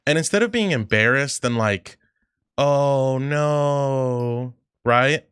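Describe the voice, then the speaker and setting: A man's voice: mid-range voice, very animated, moderate pace, pushed and bright, clean tone, dry recording, clean studio sound. Rambling, profane male livestreamer. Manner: rambling, profane, reads chat aloud and reacts. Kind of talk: casual livestream chat while gaming.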